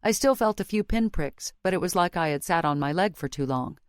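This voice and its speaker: Steady woman narrating an audiobook. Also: lowish voice, brisk, clean tone, no echo, studio quality. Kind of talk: first-person scripted narration.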